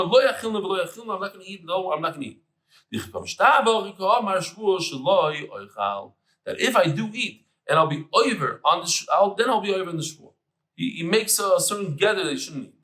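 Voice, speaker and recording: Male Talmud teacher, bright and animated delivery, echoey room. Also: high-pitched. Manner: animated, chatty, mixes Hebrew terms into English. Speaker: Daf Yomi teacher. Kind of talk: lively Talmud lecture. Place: room with tables and air conditioner.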